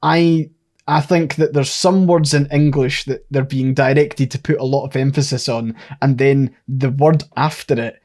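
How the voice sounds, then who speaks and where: A man's voice: medium pitch, fairly even intonation, moderate pace, a little mellow. A man co-hosting a podcast who thinks aloud and lays out his theories at length in a casual chat. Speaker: podcast co-host.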